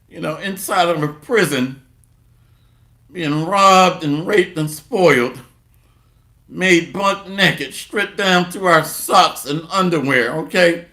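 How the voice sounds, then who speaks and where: A man preaches with sarcasm and lots of repeated refrains, reading scripture out loud. He alternates between low mutters and sudden loud bursts, and the sound is reverberant.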